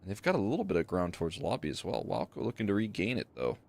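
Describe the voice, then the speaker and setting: Relaxed male esports analyst. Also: deep voice, fast talker, creaky. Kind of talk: colour commentary.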